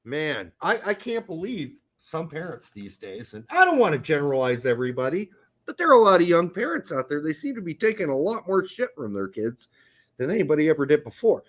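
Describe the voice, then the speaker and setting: A middle-aged man from Indiana talks casually on a podcast, blunt and full of swearing. His voice is pitched a bit high and swings up and down a lot as he talks. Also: big pitch swings, fairly quick, fairly bright tone. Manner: blunt, profane storytelling. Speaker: podcast co-host. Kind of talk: casual chat.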